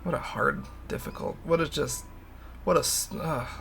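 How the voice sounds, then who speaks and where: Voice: medium pitch, moderate pace, creaky, a crowd in the background. A livestream host chatting casually, rambling and candid, laughing often and swearing freely. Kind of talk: casual stream chat.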